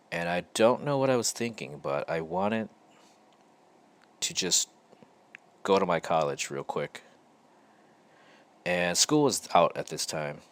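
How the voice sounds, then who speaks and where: A man hosting his own show, telling a personal story in a slow, halting and reflective way with frequent pauses. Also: sits low, fairly bright tone. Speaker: podcast host.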